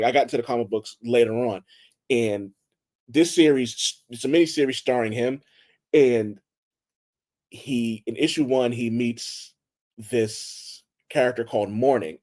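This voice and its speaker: Man, podcast co-host, excitable, acts out quotes, casual, mid pitch. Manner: excitable storyteller, acts out quotes, swears freely. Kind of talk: casual chat.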